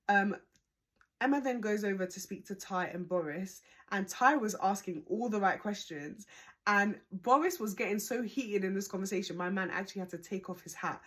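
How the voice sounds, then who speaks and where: A young woman recapping a reality show in casual chat, animated, opinionated and mocking. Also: mid-range voice, brisk.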